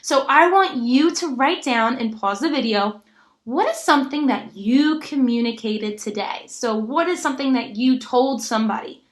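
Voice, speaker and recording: Animated woman teacher, higher voice. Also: normal speed. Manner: animated, with frequent gasps and rhetorical questions. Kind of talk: recorded online lesson for children.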